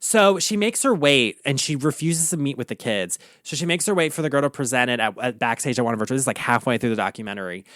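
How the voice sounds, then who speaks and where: Lively, gossipy, profane male podcast host. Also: medium pitch, fast talker, few pauses, dry recording, studio quality. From Baltimore area, USA. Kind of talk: casual pop-culture rant.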